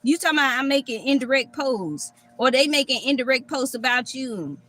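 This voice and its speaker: Bright, brash woman tarot reader. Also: high-pitched, fairly quick, faint music behind. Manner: blunt, profane, animated. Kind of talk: live tarot reading. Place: outdoors at a park. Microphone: phone.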